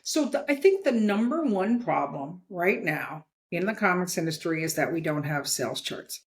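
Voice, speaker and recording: A woman in her sixties, a guest in an interview, talking in an animated, emphatic way and checking her points with "okay?". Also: fairly low pitch, normal speed. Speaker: guest, comics editor. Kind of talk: casual interview chat.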